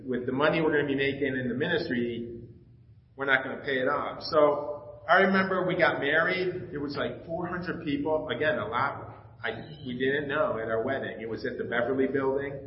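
A middle-aged pastor giving a personal testimony in a sermon, telling stories and acting out the dialogue with emotion. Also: male voice, mid-range voice, steady tone, normal speed, slight background noise. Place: church sanctuary. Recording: echoey, slightly dull church recording.

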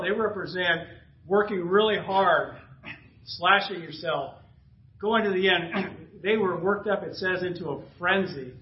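A man preaching a sermon and reading scripture aloud, clearing his throat often and dropping casual asides between passages. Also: high voice, roomy sound, muffled recording, slight background noise. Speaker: pastor. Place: church sanctuary.

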